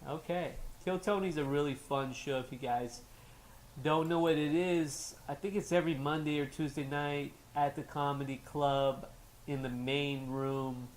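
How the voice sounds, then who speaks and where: A man's voice: a little high, steady tone, measured pace. Young man, New York-sounding accent, casual rambling co-host, faint background hum. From Los Angeles. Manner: loose and rambling, trails off with fillers. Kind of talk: casual chat.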